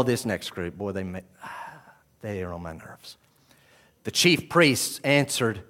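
A man preaching a sermon as pastor, swinging from quiet, low passages to loud, raised exclamations. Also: lively intonation, slow pace.

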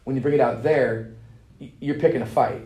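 A man's voice: mid-range voice, steady tone, brisk, mellow. A young man giving a conference master class, telling stories in a casual, earnest way with slang and restarts. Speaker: conference speaker. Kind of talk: conference teaching talk.

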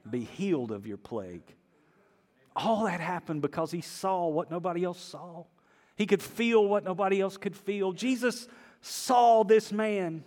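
A male pastor preaching a sermon, telling the story with acted-out voices and swinging between hushed and loud delivery. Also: high voice, unhurried. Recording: long reverb of a large hall.

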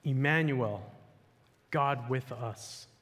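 Speaking extremely slowly in a slightly bright, mid-range voice, a male pastor delivers a sermon to his church in a casual, chatty style loaded with "like" and "you know." The hall is echoey, with long reverb.

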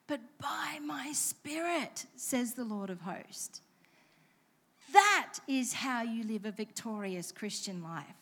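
A woman's voice: high-pitched, fairly bright tone. A woman preaching a sermon in church, telling stories with playful self-deprecating asides. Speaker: pastor.

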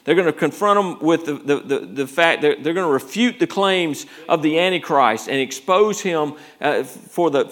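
A man's voice: fairly high pitch, a bit bright. A male pastor preaching a conversational sermon, rambling through restarts and rising to urgent emphasis.

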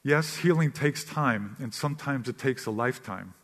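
A man giving an earnest, measured sermon as a pastor. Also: mid-range voice, fairly bright tone. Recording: long reverb of a large hall.

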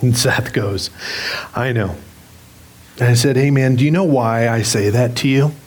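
A man's voice: medium pitch, measured pace, darkish tone. A middle-aged man preaching a sermon as pastor, candid and self-deprecating as he tells a story with humor. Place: church sanctuary.

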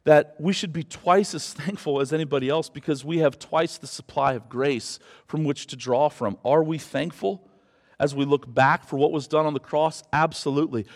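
A man preaching a sermon as pastor, earnest, swinging from hushed lines to loud rises. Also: fairly high pitch, big-room sound.

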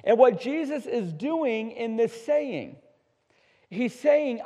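A male pastor preaching an emphatic sermon, swinging between hushed asides and loud, slowed-down declarations. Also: very high-pitched, lively intonation. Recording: dull sound with long hall reverb.

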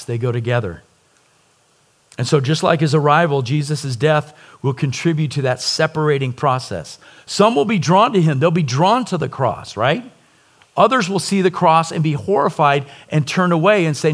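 A middle-aged man preaching with a voice pitched a touch higher than most men's, delivering an earnest sermon. He presses his points with emphasis and keeps tossing rhetorical questions back to the listeners. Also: animated, normal speed. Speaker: pastor.

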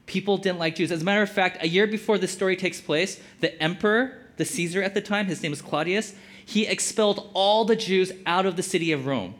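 A man's voice: high-pitched, brisk, a bit bright. A man giving casual Bible teaching as a preacher, conversational and full of filler words. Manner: conversational, lots of "like" fillers, acts out quotes.

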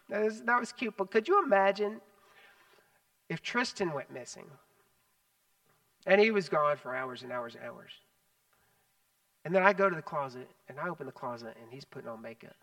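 A man preaching a sermon as pastor, animated, swinging between loud emphasis and hushed asides. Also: a little high, recorded from a distance, rough recording. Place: church sanctuary.

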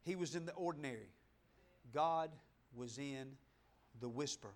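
A man preaching a sermon in a church, talking straight to the congregation and swinging between loud, fervent passages and soft, hushed asides. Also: medium pitch, a little slow. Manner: conversational, addresses the congregation directly. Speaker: pastor. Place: church sanctuary, in front of a congregation.

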